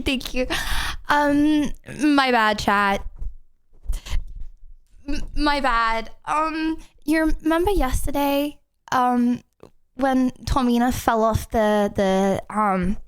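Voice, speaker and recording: A woman's voice: high voice, clear, resonant tone. A young woman streamer chatting casually and giggling with her viewers while recovering from an illness, with many fillers. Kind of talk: casual live-stream chat.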